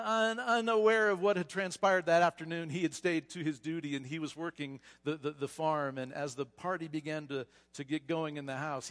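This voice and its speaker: A male pastor preaching a storytelling sermon, animated, often repeating words as he goes. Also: a little high, long reverb tail. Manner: animated retelling, frequent repetitions. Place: church sanctuary.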